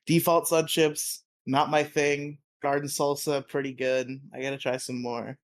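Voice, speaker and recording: A man with a slightly raised pitch talks casually on a podcast. His sentences come in halting, profane bursts, and he laughs often mid-thought. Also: level tone. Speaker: podcast co-host.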